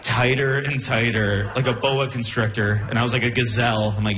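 A young man doing a stand-up comedy set on a club stage, telling his story in an animated way and laughing through his lines. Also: mid-range voice, fairly quick, a crowd in the background. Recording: roomy club sound with light noise.

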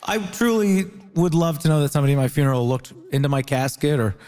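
Dry male comic from Ontario, high-voiced, in an echoing hall. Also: lively intonation, fast talker, darkish tone. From Ontario, Canada. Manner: dry, wry, self-mocking. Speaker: comedian debater. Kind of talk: stand-up comedy on stage. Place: theatre stage. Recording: reverberant hall with noise.

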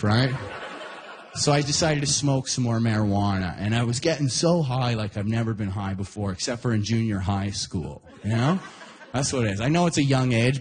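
A man from Canada performing a stand-up comedy set, telling a story with animated delivery and shouted quoted voices. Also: mid-range voice.

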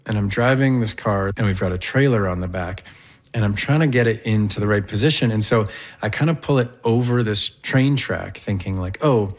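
A man casually telling an excited road-trip story, with fillers and lively rises. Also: lowish voice, a little fast.

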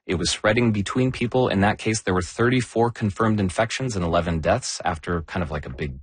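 A man explaining health news in a conversational discussion, measured and emphatic on key words. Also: low-pitched, breathy edge, dry recording.

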